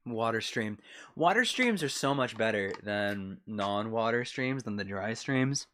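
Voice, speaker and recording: A man's voice: lowish voice, expressive, slow pace, pushed and bright. A man streaming a fighting game, reading chat aloud and joking in a laid-back, casual way. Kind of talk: casual live-stream chat while gaming.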